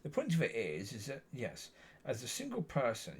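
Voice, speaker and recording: His voice is mid-range and slightly rough, moving at normal speed through huge swings in pitch. This Christian vlogger wanders through a personal faith story on camera, circling back over the same points and frequently fixing what he just said.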